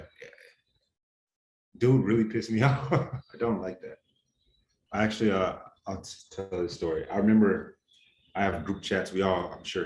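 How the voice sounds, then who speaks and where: A man's voice: sits low, a little mellow, slight background noise. A young adult man answering interview questions in an earnest, heated, casual way full of slang. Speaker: interview guest. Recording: roomy echo, faint ambience.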